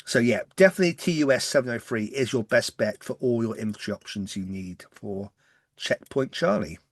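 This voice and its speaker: Fast-talking English man, West Country hint. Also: mid-range voice, animated, no room sound, clean studio sound. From West Country, England. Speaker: podcast co-host. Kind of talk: casual chat.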